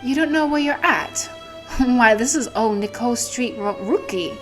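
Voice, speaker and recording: A brash slum dweller, as a woman puts one on mocks loudly in a raised pitch, with game music underneath. The delivery is rough and teasing. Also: normal speed, close to an everyday voice. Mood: mocking.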